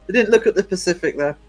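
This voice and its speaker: A man's voice: sits high, rough recording. A man hosting a casual live-streamed podcast, reading out chat comments, laughing and teasing, calling people darling.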